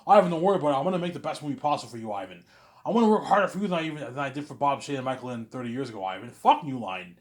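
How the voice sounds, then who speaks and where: A man's voice: medium pitch, expressive, rapid-fire, natural voice. A man voicing an eager, reassuring male film director who earnestly promises to work hard and keeps repeating the other person's name.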